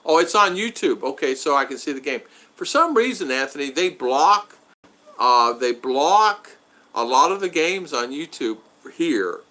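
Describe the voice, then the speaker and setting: A man's voice: on the high side, animated, unhurried, bright, forceful tone. A man hosting a casual livestream, chatting loosely with viewers by name and often repeating himself as he rambles. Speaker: livestream host reading chat. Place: home in the Philippines.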